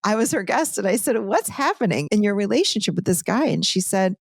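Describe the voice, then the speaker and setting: A woman as a podcast guest and author, explaining ideas with lively, animated storytelling in a conversational teaching style. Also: medium pitch, fairly quick, slightly rough, dry recording, studio quality.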